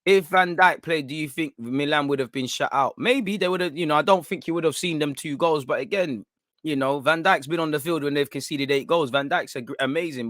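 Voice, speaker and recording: A man's voice: medium pitch, fairly bright tone, no echo. A young man chats casually with his livestream audience. He teases viewers in street slang and laughs easily. His mid-range voice sounds dry and close, with no room around it. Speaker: football channel host.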